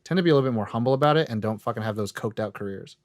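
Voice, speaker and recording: Guy on a movie podcast, dry close sound, gets animated, drops f-bombs. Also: on the low side, racing, no echo. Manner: animated, swears casually, talks film technique. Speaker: podcast host. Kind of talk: casual film discussion.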